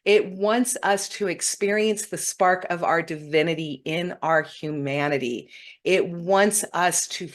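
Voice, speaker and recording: This middle-aged woman talks to her viewers in an earnest, heartfelt way, her voice sitting a little low. She gets emotional as she speaks about spirit and intuition, coaching the listener with gentle encouragement. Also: measured pace. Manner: earnest, warm-hearted, often tearful when moved. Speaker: spiritual teacher hosting a weekly broadcast.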